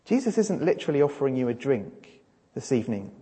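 A man's voice: mid-range voice, very animated, fast talker, warm tone, breathy edge. A man preaching a sermon in an emphatic style, his delivery rising and falling. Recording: reverberant hall.

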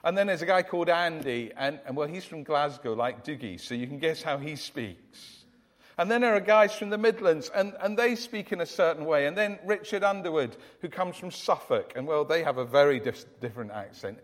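A man preaching from the pulpit with an earnest, emphatic delivery and a notably high voice. His words ring out with a long reverb, as if spoken in a large church hall. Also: expressive, a little fast. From United Kingdom. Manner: earnest, emphatic, with frequent restarts. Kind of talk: sermon.

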